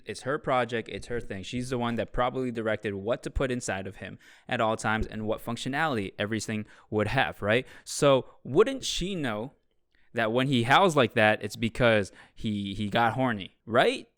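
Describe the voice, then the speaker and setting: A man's voice: mid-range voice, expressive, normal speed, a bit bright, dry recording, clean studio sound. Sarcastic young man riffing on a movie. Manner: sarcastic, swears freely, acts out quotes. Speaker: video host reviewing a movie. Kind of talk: casual comedic commentary.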